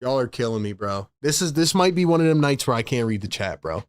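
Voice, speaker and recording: A man's voice: medium pitch, big pitch swings, fast, hardly any pauses, no room sound. A man hosting a live sports stream, ranting in frustration to his chat and saying "bro" often. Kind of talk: live stream fan rant.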